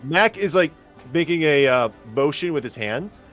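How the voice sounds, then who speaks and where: A man's voice: on the high side, animated, normal speed, fairly bright tone, soft background music. A man running a tabletop game as game master, narrating casually and thinking aloud.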